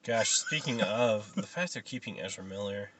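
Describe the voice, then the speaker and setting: A man's voice: fairly low pitch, expressive, moderate pace, a bit bright, a little hiss or hum. A man co-hosting a casual pop-culture chat, opinionated and cynical in his takes. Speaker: podcast co-host.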